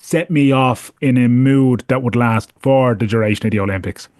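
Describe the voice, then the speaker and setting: A man's voice: medium pitch, normal speed, darkish tone, no echo, studio quality. A man hosting a casual podcast chat, wry and self-deprecating. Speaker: podcast host.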